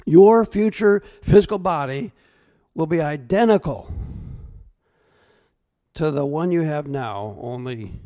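Middle-aged preacher guy, gravelly voice, pitch all over the place, sermon, gets choked up then loud. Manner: animated, swings between hushed tearful asides and raised emphatic points. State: choked up at times. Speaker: pastor.

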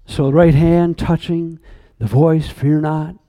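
High-voiced slow earnest preacher man. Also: steady tone, warm tone. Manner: earnest, emphatic, repeats words, slows on key phrases. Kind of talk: sermon.

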